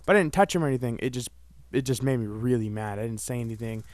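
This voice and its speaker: A man's voice: medium pitch, quick pace, a little mellow. A young man vlogging, telling a personal story in a rambling, casual way, full of "like" and "you know".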